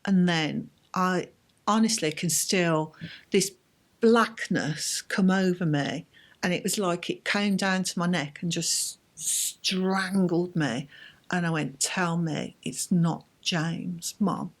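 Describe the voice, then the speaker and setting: A woman, a bereaved mother, telling her story in an interview in a halting, emotional way. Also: on the low side. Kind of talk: personal account in an interview.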